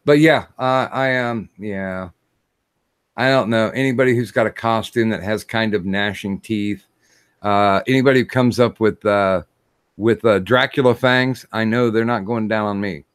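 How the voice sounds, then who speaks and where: A man hosting a casual livestream chat, talking in a halting way with many fillers and restarts. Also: on the low side, smooth, dry recording, clean studio sound. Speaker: stream host.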